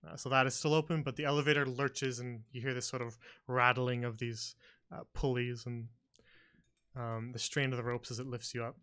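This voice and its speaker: A man running a tabletop game as game master, describing scenes in a halting way with many pauses and fillers. His voice sits at an ordinary middle pitch. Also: level tone, a bit bright, smooth.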